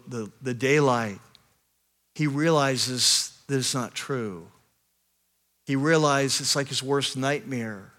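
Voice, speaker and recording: A man preaching a sermon to a congregation as pastor, telling a scripture story with animated delivery and frequent restarts. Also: medium pitch. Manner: animated storyteller, building intensity with repeated restarts. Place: church service with a live congregation.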